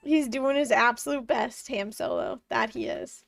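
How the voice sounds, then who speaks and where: A woman's voice: fairly high pitch, huge pitch swings, measured pace, gravelly, distant mic. A woman in her twenties streaming a farming game from home, chatting casually with her chat and laughing often. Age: 20s. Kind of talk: casual live-stream chat while gaming.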